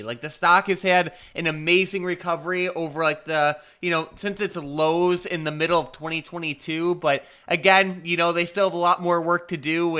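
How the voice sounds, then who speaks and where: Bright, clear-voiced male market co-host. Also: a little high. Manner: relaxed and conversational, with frequent "uh" and "like". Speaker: co-host of a stock market show. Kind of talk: casual market chat.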